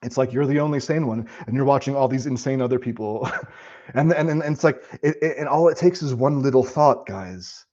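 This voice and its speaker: A man's voice: medium pitch, a little fast, darkish tone, muffled recording. A man live-streaming and answering chat in a casual, profane, rambling way, talking about spiritual ideas.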